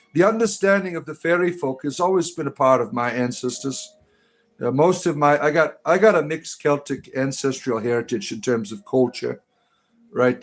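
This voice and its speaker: Combative man ranting on a livestream. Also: medium pitch. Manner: combative, mocking, repeatedly says "right?". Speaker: livestream host. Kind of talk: livestream chat reading.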